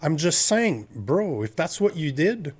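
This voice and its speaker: A man's voice: fairly high pitch, sing-song, a little slow, husky. A middle-aged man with a French Canadian accent, a native French speaker, arguing politics in a heated, emphatic way. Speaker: podcast guest. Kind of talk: political talk.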